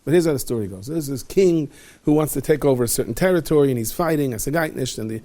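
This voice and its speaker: A man, a rabbi, spins a long story for his students in a lively, chatty way. He slips in and out of the characters' voices as he goes. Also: medium pitch, quick pace. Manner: lively, conversational, acts out every character.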